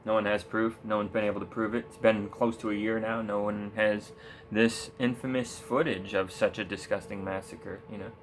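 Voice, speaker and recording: A man's voice: fairly low pitch, little pitch movement, normal speed, slight background noise. A young man ranting sarcastically about politics while playing a video game, swearing and rambling with frequent laughs. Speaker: gaming streamer. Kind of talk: casual political rant while gaming.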